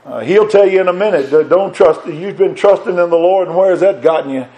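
High-voiced fervent male preacher. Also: a little fast, mellow, rough recording. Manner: recites scripture in old-fashioned biblical wording; fervent, rising emphasis on repeated refrains. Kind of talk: sermon.

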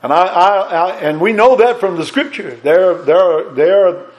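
A man preaching a sermon in a fairly high voice. He is fervent and emphatic, often repeating words as he goes. He swings from raised, urgent lines down to hushed ones. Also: moderate pace, highs cut off.

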